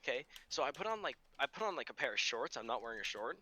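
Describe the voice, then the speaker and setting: A teenage man hosting a casual podcast and telling a story in an animated way, swearing freely. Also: mid-range voice, fast talker, a little hiss or hum. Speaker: podcast host.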